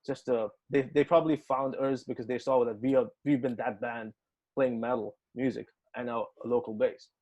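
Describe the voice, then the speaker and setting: Guy in an interview telling a story, gets excited, swears a lot, repeats himself. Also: mid-range voice, moderate pace, muffled recording. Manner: animated, swears, repeats words when excited. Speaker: metal band guitarist, interview guest.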